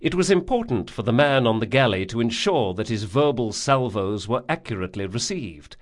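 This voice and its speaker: A man narrating a fantasy audiobook in a measured, vivid storytelling manner. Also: mid-range voice, big pitch swings. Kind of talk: scripted narration.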